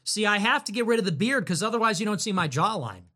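Man, livestream host, casual commentary, sarcastic, rambling, laughs often, slightly high voice. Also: very animated, fast, pushed and bright.

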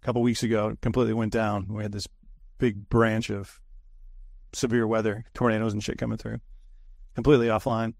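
Gravelly, rambling man. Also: on the low side, little pitch movement, brisk, darkish tone, no echo, clean studio sound. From United States. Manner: rambling, profane, many fillers and restarts. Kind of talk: casual podcast chat.

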